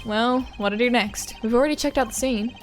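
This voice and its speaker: A woman's voice: on the high side, a little fast, a little hiss or hum, natural voice. A woman voicing an earnest young male defense attorney, flustered and wry, reading game lines on stream.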